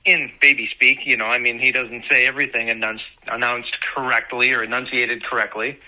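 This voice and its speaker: A young man talking casually about being a parent. He is sarcastic at first, then earnest, and tells lively anecdotes. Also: mid-range voice, brisk. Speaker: parent sharing on a podcast. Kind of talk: casual personal storytelling. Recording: muffled lo-fi audio.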